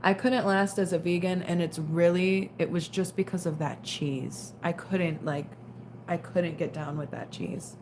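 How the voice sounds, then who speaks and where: A young woman hosts a relaxed late-night livestream, chatting loosely and answering comments in a tired, low-pitched voice. A faint hum of room ambience sits under her talk. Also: measured pace. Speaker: livestream host. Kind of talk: casual livestream chat reading comments.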